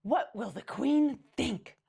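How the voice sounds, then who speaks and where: A woman voicing a bossy, snooty lady who shouts everything she says, loud and high. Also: fairly even intonation, a little fast. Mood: outraged. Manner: shouting, bellowing.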